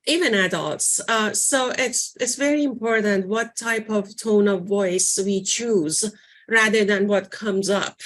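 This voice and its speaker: A woman leading a library workshop in an informal teaching voice, conversational and often pausing to search for words with fillers. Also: medium pitch, a bit bright. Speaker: workshop presenter.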